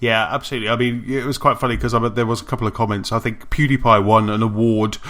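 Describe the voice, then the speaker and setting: Male podcast host, bright forceful tone, rambling chatty delivery full of ums. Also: mid-range voice, level tone, quick pace. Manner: rambling, many fillers and restarts, laughs easily. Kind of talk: casual gaming podcast chat.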